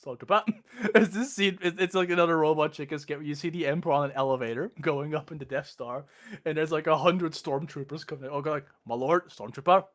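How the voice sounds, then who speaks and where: A young man with a slightly high voice talks loosely and rambles in casual chat. He often restarts his sentences and breaks into laughter. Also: quick pace.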